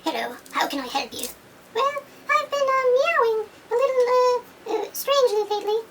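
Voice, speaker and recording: A woman voicing a timid male cat patient who stammers in a very high voice. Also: expressive, moderate pace, a bit bright, a little hiss or hum, exaggerated voice. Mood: meek. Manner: hesitant, stammering.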